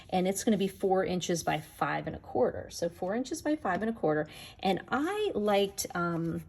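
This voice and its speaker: In a casual card-making tutorial, a woman with a fairly low, gravelly, darkish and slightly rough voice demonstrates her work. She chats to viewers the whole time she's crafting.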